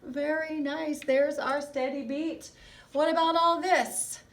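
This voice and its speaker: A woman's voice: high-pitched, fairly even intonation, recorded from a distance, a little hiss or hum. A woman music teacher giving a recorded video lesson to young children, talking in an encouraging way and asking them lots of questions. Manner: slow, encouraging, asks children many questions.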